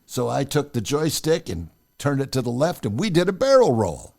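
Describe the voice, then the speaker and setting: Animated male storyteller with lively pitch. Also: normal speed, creaky. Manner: animated, acts out the dialogue. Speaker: podcast host. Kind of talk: casual personal storytelling.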